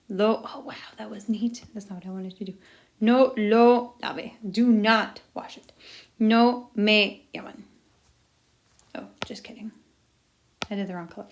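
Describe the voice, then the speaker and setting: A woman's voice: mid-range voice, measured pace. A young woman teaching a recorded language lesson, chatty and jokey, muttering asides to herself as she writes. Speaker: Spanish teacher.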